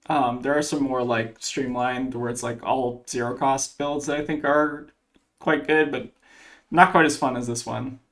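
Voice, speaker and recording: A man's voice: medium pitch, steady tone, unhurried, a bit bright. A man commentating his own card game match, thinking aloud as he weighs each play, with plenty of fillers. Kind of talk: casual gameplay commentary.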